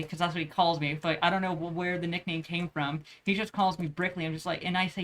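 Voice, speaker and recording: A woman's voice: fairly low pitch, steady tone, fast talker, fairly bright tone. A young woman telling a rambling personal story in a casual vlog, swearing often and using plenty of slang and filler words. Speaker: vlogger.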